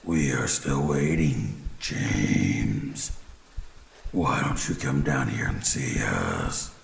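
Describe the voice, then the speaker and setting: Creepypasta demon: slow, very deep, rough and gravelly whisper, distant. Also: male voice, lively intonation, a little hiss or hum, exaggerated voice. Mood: menacing. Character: demonic voice from a radio, growling and menacing.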